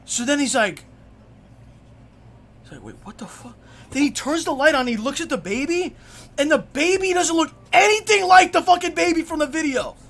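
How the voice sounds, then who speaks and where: A man's voice: very high voice, normal speed. Rambling, profane young male streamer. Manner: rambling, profane, excitable storyteller. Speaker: live streamer. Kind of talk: casual live-stream storytelling.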